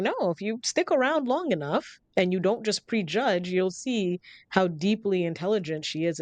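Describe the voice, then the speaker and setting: A woman's voice: lowish voice, no room sound. A woman hosting an interview podcast, reflective and asking long, thoughtful questions. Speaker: podcast host. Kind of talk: interview conversation.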